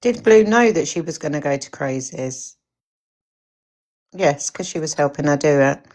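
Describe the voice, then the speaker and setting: A woman hosting a live stream, speaking calmly and hesitantly with many fillers. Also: low-pitched, normal speed. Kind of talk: casual live-stream talk.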